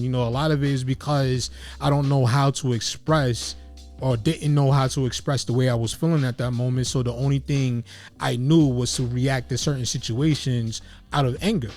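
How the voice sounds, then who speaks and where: A man's voice: mid-range voice, steady tone, moderate pace, a little mellow. A man hosting a casual interview show who talks in an earnest, reflective way and keeps leaning on "you know". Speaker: host.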